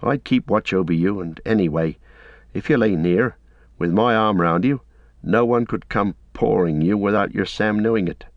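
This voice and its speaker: Brief: a man playing a loyal, earnest hobbit servant, homely and a bit gruff, low voice, dry muffled audio. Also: moderate pace, no echo, lightly acted. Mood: tender. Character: loyal, plain-spoken young male servant hobbit. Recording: dull lo-fi recording.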